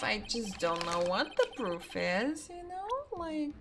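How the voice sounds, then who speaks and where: A woman streamer chatting casually over her game, cursing and laughing at her own mistakes. She talks at a slow, unhurried pace. Game music plays clearly behind her voice. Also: medium pitch, wildly swooping pitch. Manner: loud, swearing, laughing at herself.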